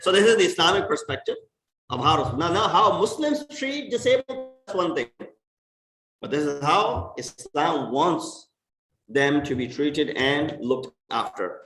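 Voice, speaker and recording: Emphatic preacher in an echoey mosque. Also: male voice, fairly high pitch, animated, unhurried, a bit bright. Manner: emphatic, rising and falling for stress. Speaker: imam. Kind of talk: sermon. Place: mosque hall. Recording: echoey mosque hall from far off.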